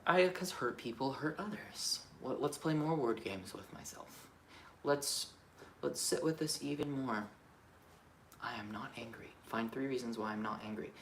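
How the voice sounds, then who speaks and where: Thinking out loud in a solo vlog, a man with a gravelly edge to his medium-pitched, fairly bright voice questions himself candidly about how he feels. He drops to a mutter, then bursts into emphatic lines, swearing freely. A clear echo and a faint ambient hum fill the room.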